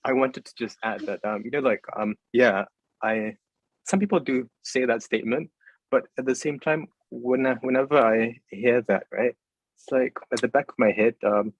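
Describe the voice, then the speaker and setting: Young man, moderator, husky, dry close sound, hesitant, video call panel. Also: mid-range voice, normal speed, dry recording, poor audio. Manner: hesitant, many fillers and restarts. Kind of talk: casual panel discussion.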